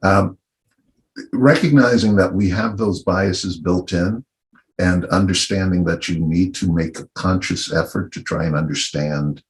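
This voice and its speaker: A middle-aged man from Virginia speaking on a panel discussion in a thoughtful, unhurried and wry way. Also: deep voice. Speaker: panel guest.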